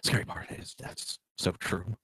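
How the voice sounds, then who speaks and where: A man's voice: low voice, fairly even intonation, unhurried, creaky, bright, forceful tone, slightly rough, poor audio. A middle-aged man hosting a political talk show, blunt and profane, with mocking asides.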